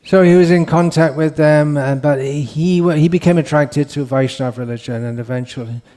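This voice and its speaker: Mellow-voiced man giving a rambling lecture. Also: fairly high pitch. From India. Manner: unhurried, rambling, frequent restarts and fillers. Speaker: monk lecturer. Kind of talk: scriptural lecture.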